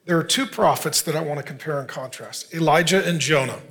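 A man in his fifties, a pastor preaching an earnest, conversational sermon with quick asides. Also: on the high side, fairly bright tone. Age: 50s.

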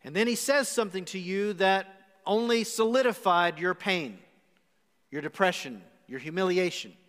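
A man with a high voice delivers a live church sermon. He tells the story dramatically and speaks directly to his listeners. His voice rings with a long reverb through the sanctuary. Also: normal speed, a bit bright. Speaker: pastor.

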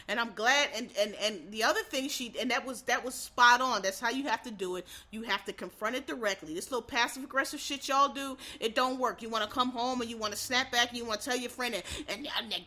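A woman with a bright, forceful voice sitting a little higher than most, talking straight to her audience in a casual monologue. She is blunt and emphatic and swears freely as she lectures. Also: a little fast, few pauses. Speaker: commentator.

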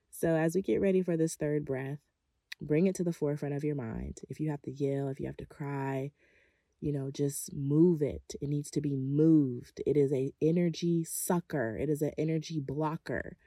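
A woman's voice: low-pitched, warm tone, dry recording, studio quality. A woman leading a guided breathing session, sharing personal stories in an earnest, conversational way with a spiritual coaching tone.

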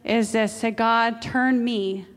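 A middle-aged woman with a fairly high voice preaches a sermon in a lively, animated way. She jumps from loud exclamations to hushed asides, and her voice rings with a long reverb. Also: slow.

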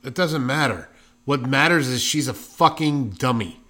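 A man's voice: mid-range voice, lively intonation, normal speed, sharp tone. A man in casual chat as a podcast co-host, ranting emphatically and swearing a lot.

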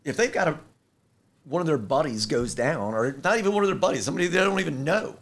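The inventor of a firefighter rescue board chats casually, telling animated stories and acting out the voices of the people in them. His voice is fairly high and quick.

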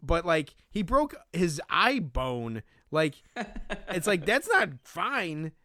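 A man's voice: fairly high pitch, takes it slowly, dry recording, clean studio sound. A man co-hosting a casual podcast, recapping a movie scene by scene, laughing often and acting out the characters' lines. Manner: animated, laughs often, acts out quotes. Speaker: podcast co-host.

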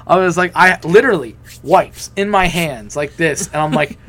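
A man's voice: on the high side, a little slow, slight background noise. A young man telling a personal story in casual chat, swearing freely and acting out what others said. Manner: profane, animated, acts out quoted voices.

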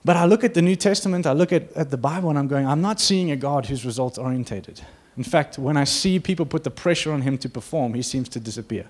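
A man's voice: on the high side, fast, hardly any pauses. A man preaching a sermon to his church in an earnest, conversational way, acting out quotes as he goes. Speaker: pastor.

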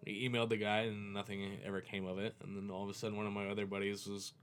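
Low-voiced man telling a story casually. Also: level tone, very fast, fairly bright tone, a little hiss or hum. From Florida. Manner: loose, profane, chuckles through his story. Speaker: professional kiteboarder, podcast guest.

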